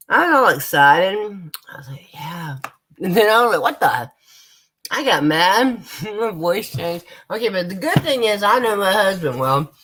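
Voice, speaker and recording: A woman's voice: medium pitch, a bit bright. An American woman chatting casually on a live stream, swearing freely and talking straight to her viewers. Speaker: vlogger.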